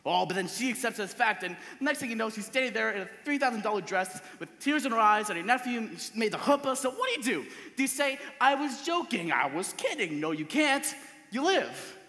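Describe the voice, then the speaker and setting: A man's voice: high voice, sing-song, fairly quick, sharp tone, full character voice. A young man playing a wistful, chatty theatre fan. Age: teens. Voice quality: confiding, chatty, rueful. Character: wistful male musical-theatre fan narrating. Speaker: stage actor. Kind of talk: stage musical acting. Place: school theatre stage. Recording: reverberant theatre hall.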